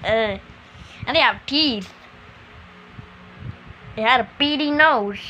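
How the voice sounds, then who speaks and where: A woman giving casual commentary on her own gameplay, exclaiming excitedly at whatever happens on screen. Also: on the high side, takes it slowly, a little hiss or hum. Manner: excitable, exclaiming at the game as she plays. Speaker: gamer streaming her own play.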